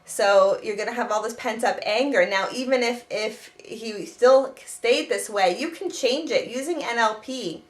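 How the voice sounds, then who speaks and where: Woman, self-help teacher, slightly high voice, earnest and explanatory, frequent restarts. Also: unhurried, hardly any pauses. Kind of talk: spoken self-help advice.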